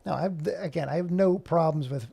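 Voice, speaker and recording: Gravelly-voiced man in casual chat. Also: fairly high pitch, moderate pace, warm tone. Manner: rambling, chatty, many fillers. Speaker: animator and vlogger. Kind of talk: casual chat while working.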